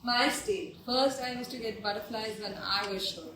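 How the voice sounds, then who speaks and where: A woman's voice: a little high, moderate pace, bright, forceful tone. A woman designer talking about her sons in a casual interview, playful and laughing at herself. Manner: playful, laughing, self-mocking. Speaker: fashion designer and mother. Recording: echoey room, mic at a distance.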